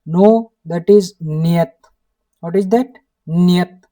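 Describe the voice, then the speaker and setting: Indian-accent teacher, mellow voice, keeps repeating words, a bit far from the mic. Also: medium pitch, slow. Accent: Indian English. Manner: repeats each word several times, prompts with "hmm?". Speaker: language teacher. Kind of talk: online language lesson.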